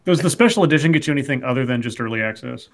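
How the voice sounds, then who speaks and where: A co-host bantering playfully on a casual stream. The voice sits mid-range and moves lively up and down. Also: medium pitch, very fast. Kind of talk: casual livestream chat.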